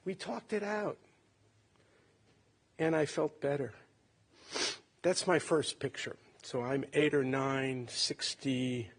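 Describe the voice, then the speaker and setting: A man in his late sixties from Ohio, a son giving a halting, tender eulogy at a funeral. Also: mid-range voice, steady tone, husky. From Cleveland, Ohio. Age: 60s. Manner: halting, reflective, tender storytelling.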